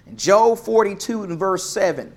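Male pastor, sermon delivery, high voice, emphatic repetition. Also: animated, normal speed. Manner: emphatic, repeats phrases for stress.

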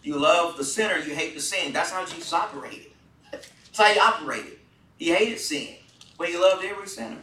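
A man leads a Bible study with a bright, forceful voice that sits a little high for a man. He earnestly puts questions to the group. The sound is roomy, caught from a distance. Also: lively intonation, fairly quick. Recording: echoey room from far off.

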